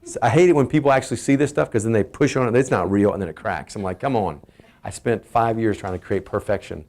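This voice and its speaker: A middle-aged man with a Texan accent gives a casual, energetic family health talk, asking his listeners questions as he goes. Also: mid-range voice, creaky. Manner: energetic, emphatic, asks the audience questions.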